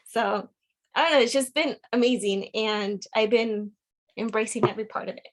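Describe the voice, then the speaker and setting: Woman, podcast guest, slightly high pitch, chatty, earnest, lots of fillers. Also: moderate pace, long pauses. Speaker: guest, program member. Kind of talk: casual personal testimony.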